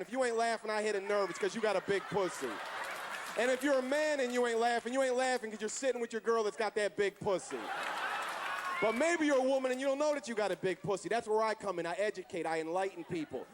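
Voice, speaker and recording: A man doing a stand-up comedy set on a club stage, brash and profane, baiting the crowd. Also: high-pitched. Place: comedy club stage before a live audience. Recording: live club with audience and noise.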